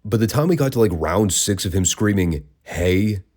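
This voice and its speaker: A man's voice: fairly low pitch, big pitch swings, fairly quick, darkish tone. A man hosting a wrestling review podcast, talking casually with wry, sarcastic asides.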